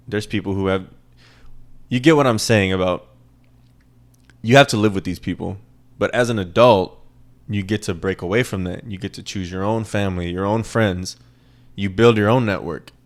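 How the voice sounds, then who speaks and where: Male podcast host, casual profane rant, repetitive for emphasis, low-pitched. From American South. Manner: profane, rambling, repeats lines for emphasis.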